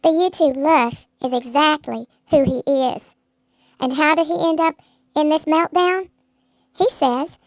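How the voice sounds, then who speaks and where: A woman's voice: sits high, unhurried, dry recording, poor audio. Sarcastic woman narrating commentary. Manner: sarcastic, mocking, dramatic rhetorical questions. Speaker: commentary channel host.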